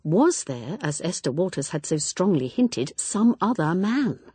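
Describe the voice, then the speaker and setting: A woman narrating a mystery novel in a measured, expressive storytelling voice. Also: lowish voice, husky, no echo. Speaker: audiobook narrator. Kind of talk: scripted narration.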